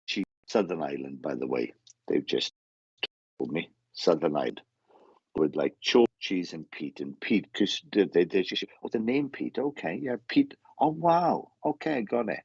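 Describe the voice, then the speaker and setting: A man with a low, husky voice gives a mediumship reading, passing on messages in halting bursts and restarting his words often. The sound is dry and a little dull, like a lo-fi recording. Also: darkish tone, dry recording. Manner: halting, repeats words while relaying messages.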